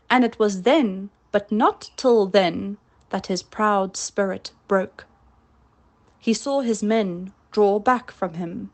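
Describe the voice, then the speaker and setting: A woman reading a storybook aloud in a measured narrating style. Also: mid-range voice. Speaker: audiobook reader.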